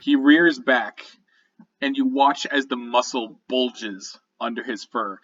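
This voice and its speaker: A man's voice: mid-range voice, slow, fairly bright tone, highs cut off. A man narrating a tabletop game as dungeon master, describing scenes vividly with many fillers.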